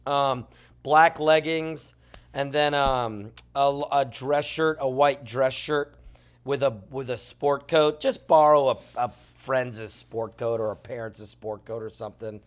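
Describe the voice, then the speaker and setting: A man's voice: mid-range voice, slow. A male teacher talking through a classroom lesson in a chatty way, with joking asides, who says he is tired. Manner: chatty, lively, jokey asides. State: tired, yawning.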